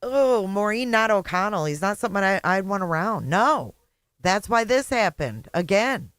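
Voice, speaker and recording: A middle-aged host from Indiana riffs through live reaction commentary with blunt, profane sarcasm. The voice sits at an ordinary mid pitch, recorded close on a dry, dead-sounding mic. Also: lively intonation, moderate pace, a bit bright, clean tone, dry recording. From Indiana, USA. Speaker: channel host.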